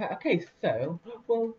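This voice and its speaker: A man's voice: high-pitched, very animated, very slow. A young man casually commentating a building game, rambling with lots of fillers and laughs. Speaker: let's play host. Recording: distant lo-fi mic.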